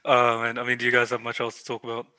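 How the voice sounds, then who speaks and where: A man's voice: medium pitch, monotone, rapid-fire, bright, forceful tone, low-quality recording. A man with an English accent, co-hosting a casual podcast chat and laughing easily. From England. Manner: laid-back, laughs easily. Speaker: podcast co-host.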